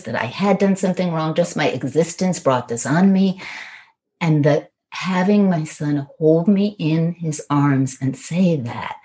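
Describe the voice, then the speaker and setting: A middle-aged woman on a podcast, telling a personal story in an earnest, halting, reflective way with frequent pauses. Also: low voice, a little mellow. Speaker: podcast guest.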